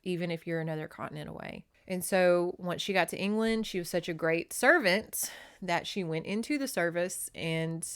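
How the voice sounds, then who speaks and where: A woman podcast host casually recapping a novel, animated, acting out the characters in quick put-on voices and laughing often, close to a desk microphone. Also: on the low side, clean tone.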